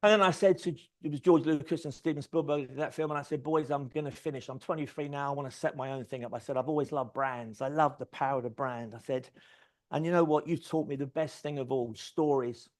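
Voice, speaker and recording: A middle-aged man giving a keynote talk, telling lively anecdotes, swearing freely and acting out quoted conversations. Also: a little high, a little fast. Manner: animated anecdotal storytelling, swears freely, acts out quoted dialogue. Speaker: conference speaker. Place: event stage.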